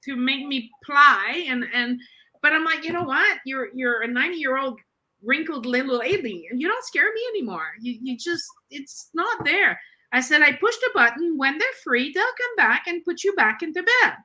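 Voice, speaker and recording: Middle-aged woman, animated conversational storyteller, high and piercingly bright tone. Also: normal speed. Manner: animated, acts out quoted voices in her stories. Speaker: author and guest on a talk show.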